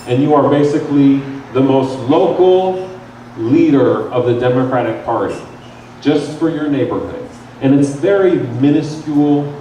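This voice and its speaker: A man's voice: mid-range voice, a little hiss or hum. A young man giving a casual, jokey training talk to a crowd in a bar lounge, recorded by a camera from some distance. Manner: animated, jokey, conversational. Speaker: campaign volunteer trainer. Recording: very echoey room from far off.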